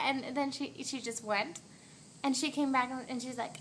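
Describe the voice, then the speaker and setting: A woman's voice: sits high, brisk, a bit bright, slight background noise, poor audio. A teenage girl, venting in a rambling, dramatic storytime vlog, acting out quotes and dropping to a whisper at times.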